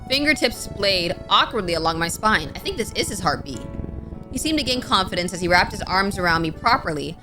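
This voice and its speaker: A young woman streamer reading a game story aloud with dramatic flair and playful casual asides. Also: mid-range voice. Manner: expressive, with sudden playful outbursts.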